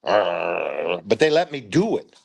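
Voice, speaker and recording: A man's voice: sits low, very animated, slow pace, vocal fry. An older man, a retired army officer, telling rambling anecdotes in a casual interview, full of "uh" fillers and acted-out quotes. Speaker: retired brigadier general telling war stories.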